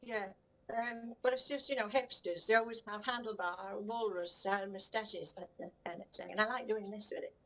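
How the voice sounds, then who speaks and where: On a rough recording, a woman with a medium-pitched, natural, slightly bright voice performs a comic puppet-style monologue at a moderate pace. She plays a vain, cheeky female cat who rambles rudely, giggles and admires herself with cocky swagger.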